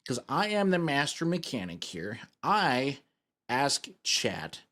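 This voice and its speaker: A man's voice: mid-range voice, very animated, takes it slowly, sharp tone. Rambling, jokey male streamer. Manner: rambling, self-mocking and jokey. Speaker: VTuber streamer. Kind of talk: casual live-stream chat while gaming.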